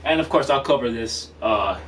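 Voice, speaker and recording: A man's voice: medium pitch, normal speed, fairly bright tone. A man teaching drum rudiments in a casual vlog, counting off beats between exercises, recorded on a camera mic. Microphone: camera microphone. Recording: camera mic from a distance, faint room noise.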